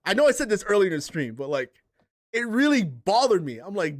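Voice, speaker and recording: A man's voice: high voice, sing-song, fairly quick. A man hosting a livestream, ranting casually and profanely, with rambling restarts. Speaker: streamer and podcast host.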